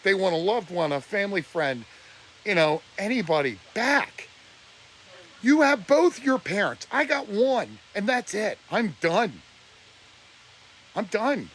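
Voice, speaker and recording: A man's voice: sits high, very animated, slow pace, pauses often, a bit bright, slight background noise. A man ranting on a live stream, preachy and blunt, his voice close to breaking with emotion. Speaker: livestreamer.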